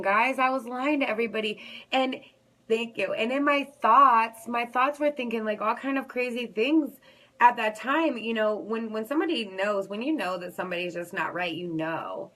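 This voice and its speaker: A woman's voice: fairly high pitch, normal speed, a bit bright, rough recording. Woman vlogger, candid and rambling, personal story told to camera. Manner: candid, rambling, talks straight to viewers as "guys".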